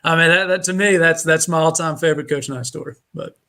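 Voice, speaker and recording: A man's voice: on the high side, fairly even intonation, quick pace, pushed and bright. Rambling man telling stories on a call. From Indiana. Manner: rambling, lots of fillers and restarts. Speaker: podcast guest. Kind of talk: casual chat, storytelling.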